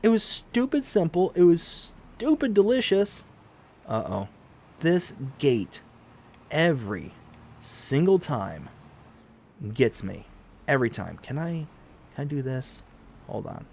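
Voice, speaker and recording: A man in his forties from Michigan, chatting casually on a live stream while he plays a farming game, rambling and jumping up in pitch when excited. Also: slow, vocal fry, long pauses, a little hiss or hum. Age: 40s.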